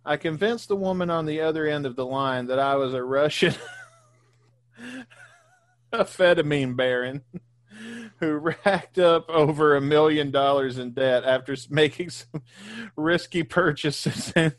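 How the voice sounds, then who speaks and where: A man's voice: on the high side, unhurried, long pauses, no room sound. A man hosting a podcast, reading posts aloud in an easygoing way and chuckling as he goes. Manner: easygoing, laughs while reading. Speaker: podcast host.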